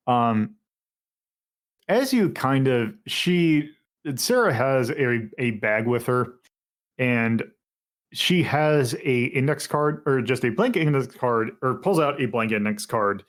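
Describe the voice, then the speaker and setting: A male game master narrating a tabletop game at a middle pitch. He talks in a loose, halting way and often backs up to restart his sentences. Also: expressive.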